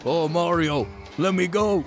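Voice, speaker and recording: A man's voice: a little high, a little slow, over music, voice pushed up. A man doing a silly, whiny voice for a monster king during comedy podcast banter.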